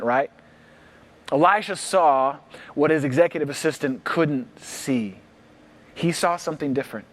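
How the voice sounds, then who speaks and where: A male pastor preaching a livestreamed sermon with no congregation present, acting out worried reactions and repeating key lines slowly for emphasis. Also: fairly high pitch. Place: church, livestreamed without congregation.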